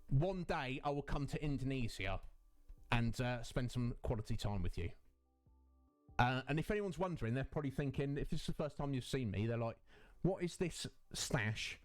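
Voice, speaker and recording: Effusive man chatting on stream. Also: medium pitch. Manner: effusive, chatty, greets viewers by name. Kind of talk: casual chat.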